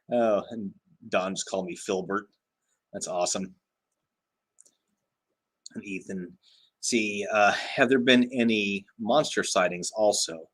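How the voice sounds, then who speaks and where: A man's voice: lowish voice, takes it slowly, long pauses, a bit bright. A man hosting a casual livestream, chatting and reading out viewer comments with frequent fillers and laughs. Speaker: livestream host.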